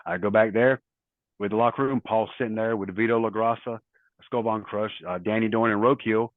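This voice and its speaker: A middle-aged former wrestler tells rambling stories full of quoted dialogue in a casual interview. His low voice is brisk with fairly even intonation, heard over a tinny, phone-like line with no room sound.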